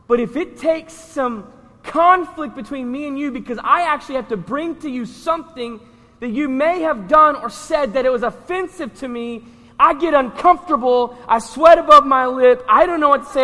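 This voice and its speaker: A man preaching a sermon as pastor, animated and conversational, often checking in with the congregation. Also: very high-pitched, big-room sound.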